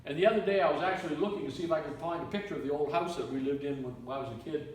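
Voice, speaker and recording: Animated storytelling preacher in an echoey room. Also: male voice, a little high, rapid-fire, a little hiss or hum. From Canada. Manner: animated, repetitive storytelling with restarts. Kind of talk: sermon storytelling. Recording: echoey room, mic from far off.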